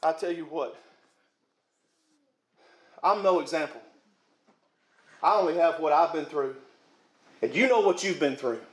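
A man preaching a sermon with fervour, rising to shouts at his peaks and chuckling between points. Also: on the high side, unhurried, long pauses, roomy sound.

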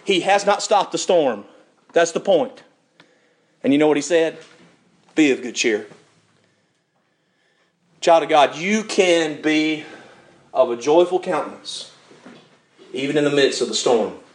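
An older man preaching a sermon, telling the story with lively acted-out voices and frequent chuckles. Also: on the high side, unhurried, long pauses. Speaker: pastor.

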